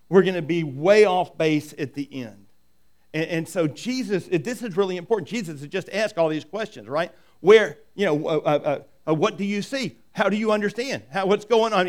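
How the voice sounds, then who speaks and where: Speaking in a slightly high voice, a middle-aged pastor delivers his sermon like a conversation. He keeps checking in with "right?" and performs the voices of those he quotes.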